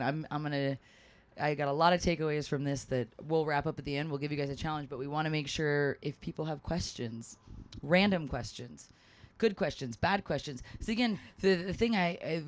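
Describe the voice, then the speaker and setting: A host leading a live stage conversation, speaking earnestly and rambling through many halting restarts. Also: medium pitch. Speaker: event host.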